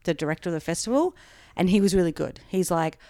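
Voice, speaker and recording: A woman's voice: on the low side, expressive, fast talker, warm tone, dry recording, clean studio sound. A woman comedian telling a long story in casual chat, full of "like" and acting out the quoted lines. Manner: chatty, peppered with "like", acts out quoted dialogue.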